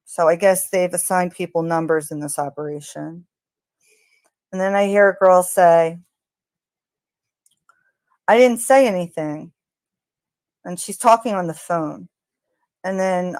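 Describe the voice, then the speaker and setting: A woman's voice: on the low side, clean tone, no echo. A woman narrating her analysis of crime-scene audio, speaking tentatively with fillers and speculation. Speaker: true crime commentator.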